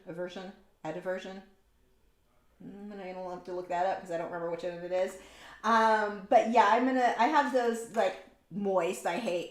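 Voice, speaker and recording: A woman in her forties hosting a painting livestream, chatting casually and reading viewer comments aloud with lots of ums. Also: medium pitch. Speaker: art livestream host. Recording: echoey room.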